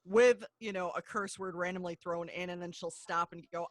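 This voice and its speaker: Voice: mid-range voice, steady tone, normal speed. A podcast guest in casual chat who chimes in to add detail to a family story.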